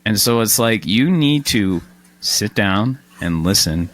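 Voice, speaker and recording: A man hosting a podcast in casual chat, animated and quick with self-deprecating asides. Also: lowish voice. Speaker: podcast host.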